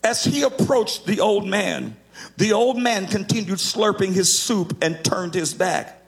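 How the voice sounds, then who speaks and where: A man's voice: high voice, unhurried. A man preaching a sermon, emphatic and sometimes lifting his lines into a half-sung cadence.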